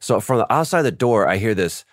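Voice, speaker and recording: A man being interviewed as a voice actor, telling stories in a casual, animated way and acting out quoted lines over a video call. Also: on the low side, fairly quick, no echo, studio quality. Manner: animated storyteller, acts out quotes. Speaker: guest, voice actor. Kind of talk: casual podcast interview storytelling.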